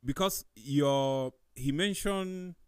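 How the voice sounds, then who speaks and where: A man's voice: fairly high pitch, slow, clean tone, no echo, clean studio sound. A man on a panel talk show, who restarts his sentences and offers agreeing hums. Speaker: co-host.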